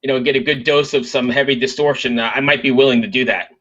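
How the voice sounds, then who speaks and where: A man's voice: medium pitch, steady tone, quick pace, a bit bright, dull audio. A man co-hosting a casual podcast, talking in a playful, chatty way. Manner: playful, chatty, laughs along. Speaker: podcast co-host.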